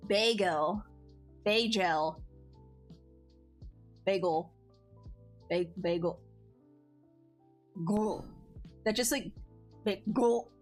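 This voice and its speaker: A woman's voice: mid-range voice, drawn-out words, long pauses. A woman streamer chatting casually with her viewers, bubbly and talkative, laughing often and restarting her sentences. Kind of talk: casual chat with live chat. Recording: faint music behind.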